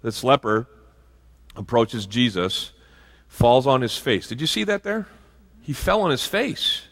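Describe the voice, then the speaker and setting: A man's voice: medium pitch, lively intonation, measured pace, a bit bright, big-room sound. A male pastor preaching a sermon in a conversational way, with asides and frequent restarts. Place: church sanctuary.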